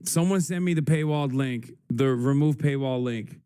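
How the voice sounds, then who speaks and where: A man's voice: mid-range voice, normal speed, warm tone, clean tone. Frantic swearing young male streamer. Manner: frantic, swearing, thinking aloud. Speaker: livestream host. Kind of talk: casual livestream commentary.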